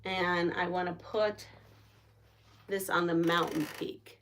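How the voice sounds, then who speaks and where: A woman vlogger talks in a relaxed, rambling way as she works on a quilt. Her voice carries a gravelly fry, and she keeps circling back to her own tangents. A faint hiss of noise sits under the recording. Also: on the low side, slow pace. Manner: chatty, rambling, laughs at herself. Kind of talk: casual chat while quilting.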